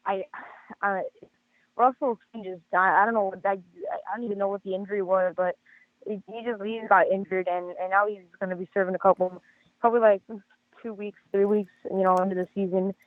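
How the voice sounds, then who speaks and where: A hoarse man with a high voice calls in over a tinny phone line. He talks fast and rambles, tripping over himself with stammered restarts. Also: flat delivery, no room sound. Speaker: caller. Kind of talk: casual sports call-in chat.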